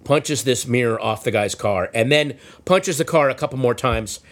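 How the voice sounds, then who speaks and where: A man telling a comic story in casual chat, acting out the shouted lines of the people in it. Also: medium pitch, moderate pace. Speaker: storyteller guest.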